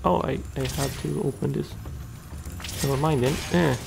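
Gravelly gamer guy muttering and cussing at the screen, slow, faint music under. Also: medium pitch, fairly even intonation. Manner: mutters, swears and talks back to game characters. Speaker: let's play gamer. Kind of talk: casual gameplay commentary.

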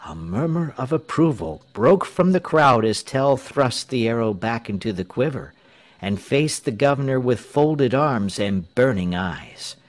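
A man narrating a story in a measured, clear way for English learners. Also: medium pitch, expressive.

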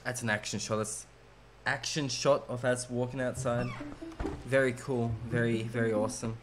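A let's play streamer with a mid-range voice talks at a moderate pace and fairly even intonation. Game music plays behind his casual, joking commentary as he talks back to the characters.

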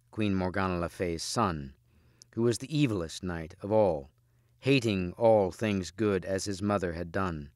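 A man reading a storybook of old legends aloud as an audiobook, measured and quiet. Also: on the low side, dry recording, studio quality. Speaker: audiobook reader.

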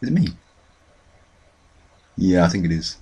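A man's voice: sits low, big pitch swings, unhurried, dark tone, slightly rough. A young man hosting a let's play, commentating his own matches with self-mocking, mock-boastful trash talk. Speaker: gaming channel host.

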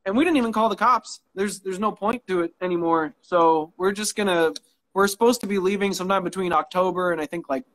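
High-voiced man telling rambling stories. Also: fairly quick, fairly bright tone. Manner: rambling storyteller, swears, laughs often. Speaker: guest knife maker. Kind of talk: casual interview chat. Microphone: phone on a live stream.

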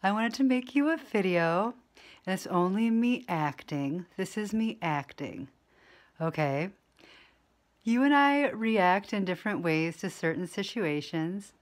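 A woman speaking quietly and calmly in a casual video message to camera. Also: medium pitch, measured pace. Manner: quiet, soft-spoken, calm. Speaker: digital creator.

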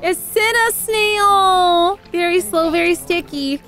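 A woman's voice: very high-pitched, takes it slowly, bright, forceful tone, soft background music. A woman hosting a let's play, giving casual, playful and jokey gameplay commentary. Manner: playful, jokey, laughs and repeats words.

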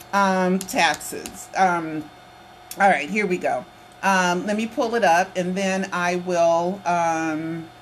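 At home, a woman who makes conspiracy documentary vlogs talks casually to her camera in a low-ish voice. She's insistent and repeats herself, sprinkling in lots of "okay" and "right." There's a slight hiss or hum on the recording.

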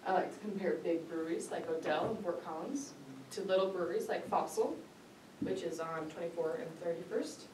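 A woman's voice: lowish voice, a little fast, darkish tone, a little hiss or hum. A woman giving a prepared speech to a club audience, lighthearted and often laughing. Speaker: club speaker. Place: meeting hall with an audience. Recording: roomy hall, mic far off, audience audible.

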